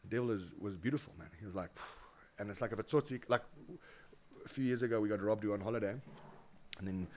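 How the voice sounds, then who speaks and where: A South African man telling stories as a guest in a casual interview, animated, acting out quoted voices and often repeating words. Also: fairly low pitch, fast talker, a little hiss or hum. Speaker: guest, motivational speaker.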